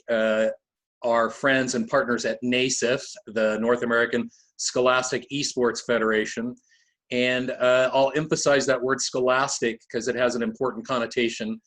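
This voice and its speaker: A man in his fifties presenting a webinar over a video call, halting, with many fillers. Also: medium pitch, fairly bright tone.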